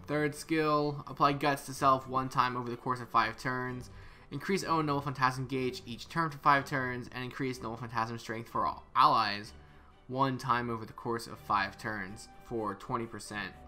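Bright-voiced man reviewing game stats. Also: medium pitch. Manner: casual, thinking aloud with hesitant repeats. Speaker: game content creator. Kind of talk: casual game character review.

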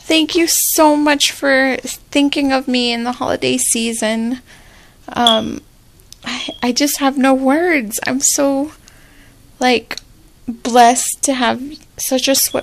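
A woman's voice: sits high, fairly even intonation, slow pace, slight background noise. A young woman unboxing a gift in a casual vlog, gushing and repeating how cute everything is, emotional and close to tears. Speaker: vlogger opening a gift.

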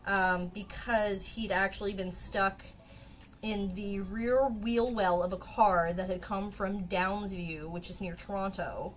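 A woman's voice: medium pitch, steady tone, takes it slowly, a little hiss or hum. A woman chatting casually to her viewers during a live craft stream, laughing often and swearing now and then.

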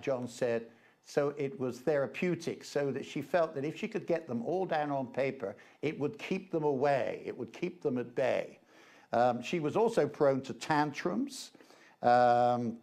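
A man's voice: medium pitch, a little mellow. A man, a reverend and guest presenter, giving an informal slide-show lecture in a chatty, hesitant way with frequent fillers.

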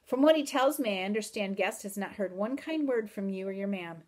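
A woman reading aloud in the voice of a mysterious, teasing wandering man with calm, old-country phrasing. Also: mid-range voice, a little fast, lightly acted. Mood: wry. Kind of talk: audiobook reading.

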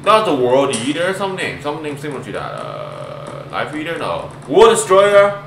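A man giving excited gameplay commentary as a gaming YouTuber, pleading and shouting at the game and laughing often. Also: medium pitch, normal speed, creaky, slight background noise. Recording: echoey room with game music.

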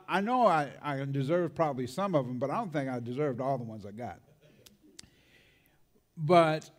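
A male preacher tells a story from the pulpit at an unhurried pace. His fairly high voice swings lively up and down. He keeps it conversational, checking in with "right?" as he goes. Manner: animated, conversational, tags lines with "right?" and "man". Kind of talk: sermon storytelling.

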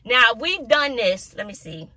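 A woman's voice: a little high, big pitch swings, a little slow, sharp tone. A woman teacher talking casually to the camera in a classroom, ranting expressively with frequent sighs and laughs. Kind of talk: casual vlog talk to camera.

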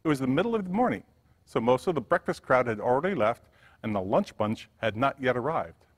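A male pastor reading a story aloud in a sermon with expressive storytelling. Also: mid-range voice, brisk. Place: church sanctuary. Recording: church hall reverb.

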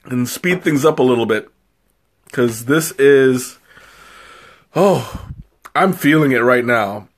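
A man's voice: mid-range voice, animated, slow pace, pauses often. A man tasting tea on a live stream in casual, rambling chat. He giggles often, mocks himself and has a runny nose from spicy tea. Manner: giggly, rambling and self-mocking.

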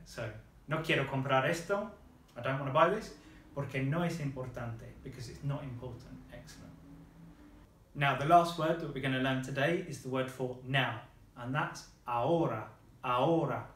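A man's voice: medium pitch, a little fast, fairly bright tone, echoey room. A man teaching a beginners' Spanish lesson, patient and encouraging, praising the learner often. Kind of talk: slow, patient language lesson.

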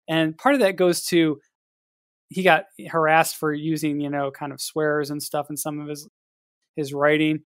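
A man co-hosting a casual writing podcast, talking in a measured, hesitant way with many fillers. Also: fairly high pitch, level tone, clean tone, no room sound, studio quality. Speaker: podcast co-host and editor.

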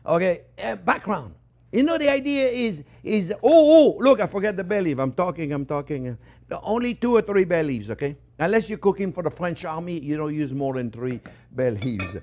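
Animated chatty man chef. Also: high voice, normal speed. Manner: animated and chatty, with many fillers and repeated exclamations. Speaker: chef hosting a cooking show. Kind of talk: casual cooking demonstration.

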